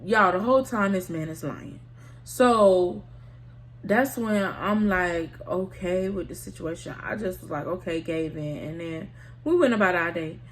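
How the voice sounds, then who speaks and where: A woman's voice: lowish voice, a little slow. Candid woman telling a storytime vlog. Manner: candid, slangy, keeps addressing the viewers. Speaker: storytime vlogger.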